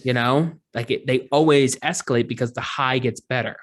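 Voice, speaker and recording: Male podcast co-host, mid-pitched, loose and rambling, jokes a lot. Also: fairly even intonation, normal speed. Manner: rambling, joking, lots of fillers and restarts. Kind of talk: casual podcast chat.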